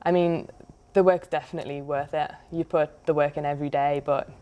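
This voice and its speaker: Low-voiced young Englishwoman, interview guest. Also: fairly even intonation, a little fast, warm tone, dull audio. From England. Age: young adult. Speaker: college golfer, guest.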